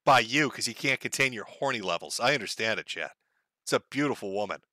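A man's voice: mid-range voice, expressive, a little fast, pushed and bright, no echo. A man hosting a show, giving crude, sarcastic commentary on online posts. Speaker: show host.

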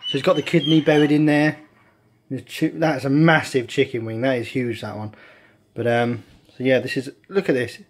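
Seorang pria beraksen Inggris bercerita santai sambil merawat dan melatih anjingnya di rumah. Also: male voice, medium pitch, fairly even intonation, normal speed. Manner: chatty, coaxing the dog with short commands. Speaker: vlogger and dog owner. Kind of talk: casual vlog narration. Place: at home with a dog. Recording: faint background noise.

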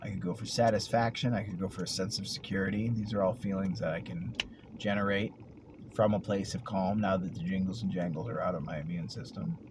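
A man talking through a rambling, reflective personal vlog, often trailing off into soft murmurs. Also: low-pitched, brisk, noisy background. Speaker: vlogger. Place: at work, vehicle sounds around.

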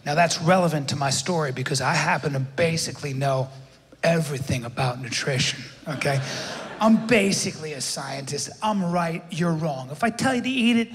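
A man telling a stand-up story in a cocky, self-mocking way, with animated voices for the people in it. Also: a little high, moderate pace, big-room sound. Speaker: stand-up comedian.

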